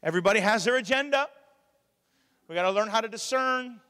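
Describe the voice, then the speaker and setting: High-voiced animated pastor. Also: male voice, a little fast. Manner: animated, plays out quoted voices, laughs often. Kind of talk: sermon. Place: church hall. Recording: long hall reverb.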